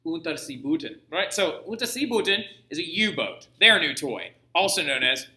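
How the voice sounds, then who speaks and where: Animated, bright-voiced male teacher. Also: high-pitched, normal speed, reverberant, poor audio. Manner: animated, jokey, digressive. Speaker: history teacher. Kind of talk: recorded classroom lecture.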